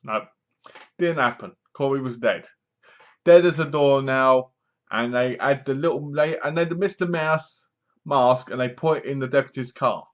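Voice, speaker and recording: A man's voice: medium pitch, moderate pace. Chatty man, dull lo-fi sound. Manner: chatty, sarcastic, acts out lines in funny voices. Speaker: film reviewer. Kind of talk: casual spoken review.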